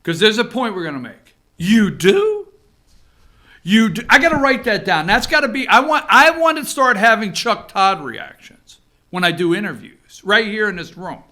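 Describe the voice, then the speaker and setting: A man hosts his own opinion show from an office room, talking in a sarcastic, animated way and repeating phrases to hammer a point. His voice sits high and swoops all over, with a bright, sharp edge. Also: normal speed. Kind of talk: animated political commentary.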